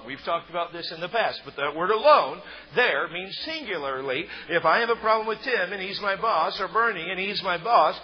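A man preaching a sermon, emphatic and stressing key words loudly. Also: high voice, expressive, brisk. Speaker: pastor. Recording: muffled sound in a reverberant hall.

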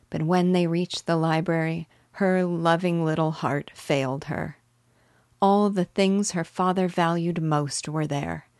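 Female storyteller, low register, measured and expressive, dry studio sound. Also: dry recording. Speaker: children's story reader. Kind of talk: storybook reading.

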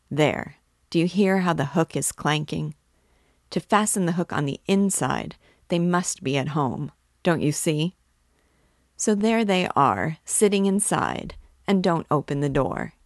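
A woman's voice: low-pitched, no room sound, clean studio sound. A woman reading aloud, voicing an eager young male law student who talks urgently and insistently.

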